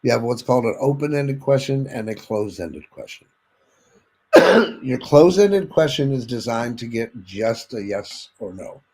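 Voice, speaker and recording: A man's voice: medium pitch, animated, moderate pace, darkish tone, husky, poor audio. A man leading a sales training lecture, speaking directly to listeners, checking in with them and demonstrating vocal inflections as he teaches. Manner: instructive, addresses listeners directly with frequent "okay?".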